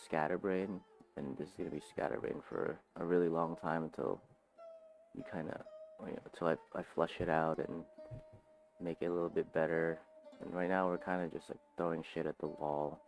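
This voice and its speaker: Low-voiced guy rambling at home first thing in the morning, swears a lot, faint guitar behind. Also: flat delivery, moderate pace, a little mellow. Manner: rambling, scatterbrained, swears casually. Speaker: aspiring author. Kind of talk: casual morning vlog, thinking aloud. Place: home, just woken up.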